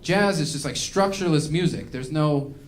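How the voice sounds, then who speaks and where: A man's voice: fairly high pitch, normal speed, noisy background. A man doing a stand-up comedy routine, ranting in an exasperated, self-mocking way.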